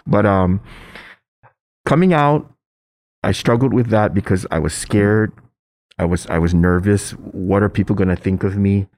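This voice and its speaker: A middle-aged man telling a personal story in casual chat, hesitant with restarts, then animated as he acts out voices. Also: a little slow, long pauses. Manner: animated storyteller, acts out quoted voices with high pitch jumps; hesitant, many restarts and fillers.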